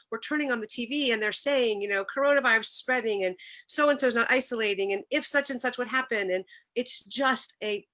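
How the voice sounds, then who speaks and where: Bright-voiced woman giving an earnest faith talk. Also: mid-range voice. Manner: earnest, emotional, occasional restarts. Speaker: speaker at a church talk. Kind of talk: faith talk with personal stories.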